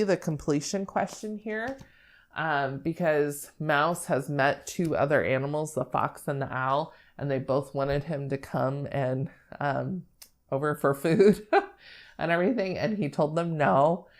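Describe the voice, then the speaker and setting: A young woman speech therapist explaining how to model language during a read-aloud, in an animated teaching manner. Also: sits low, unhurried. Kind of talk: instructional talk with read-aloud.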